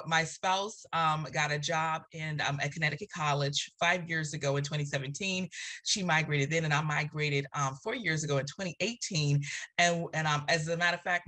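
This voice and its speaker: Bright-voiced Southern woman, chatty guest. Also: sits low. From Virginia. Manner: chatty and animated, with frequent ums and laughs. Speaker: nonprofit board president, guest. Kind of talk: casual interview talk. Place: local TV studio.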